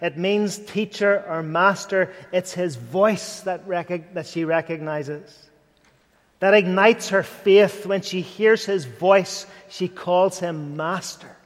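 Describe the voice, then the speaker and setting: A man's voice: high-pitched, slow pace. A man preaching an earnest sermon, rising to fervent and dropping to near whispers. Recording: long hall reverb.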